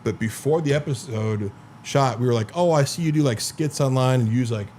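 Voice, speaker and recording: In casual podcast chat, a host rambles through long stories, stuffed with "like" and swear words. He speaks at a medium pitch, a little fast, with a slightly mellow tone and a faint hiss or hum on the recording.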